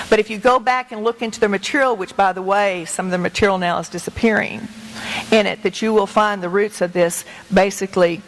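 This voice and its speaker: A middle-aged woman educator with a medium-pitched voice addresses a meeting as a guest speaker, using slides, and the recording is low-quality. Her talk is earnest and emphatic yet conversational.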